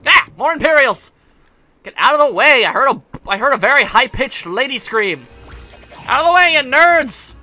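A man's voice: very high voice, animated, normal speed, sharp tone, soft background music. A man giving casual let's play commentary, rambling and sarcastic, joking at the game's characters.

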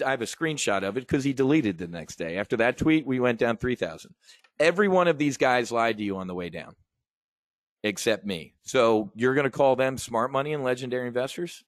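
A middle-aged man talks straight to his audience in a brash, swaggering sales pitch, full of profanity and war stories from the trading floor. His voice sits at an ordinary pitch. The sound is dry and close, with no room echo. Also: animated, normal speed. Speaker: trading educator and host. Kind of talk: animated sales pitch monologue.

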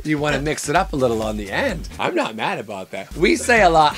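A man's voice: on the high side, wildly swooping pitch, crowd noise. A man hosting a comic show, talking in a campy, sarcastic way and stretching out words for effect. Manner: campy, sarcastic, theatrical drawn-out emphasis. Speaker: host. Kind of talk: comic monologue.

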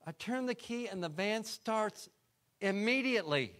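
Animated man telling a sermon story. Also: high-pitched, unhurried. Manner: animated storytelling, acts out his own prayers. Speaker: guest speaker.

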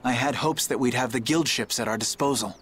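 An actor voicing an earnest young male knight in a video game, speaking in a formal, measured way, with game music behind him. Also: medium pitch, fairly bright tone, slight background noise, close to an everyday voice. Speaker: game character.

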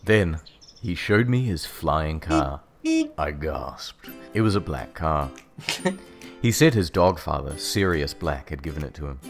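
A man narrating a comic reading in a deadpan, sarcastic style. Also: rumbling low, a little slow, soft background music. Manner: deadpan delivery of absurd text, sarcastic. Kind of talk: mock-dramatic comedic reading.

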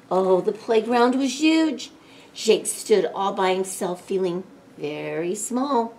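Woman, children's librarian, storytime read-aloud, lively swooping pitch, slow unhurried pace, faint background hiss. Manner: animated, playful voices for characters.

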